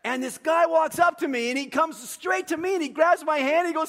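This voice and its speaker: Middle-aged pastor guy preaching, pretty high voice, tells stories then reads scripture. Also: brisk, hardly any pauses. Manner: storytelling, animated anecdotes then earnest reading. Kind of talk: sermon.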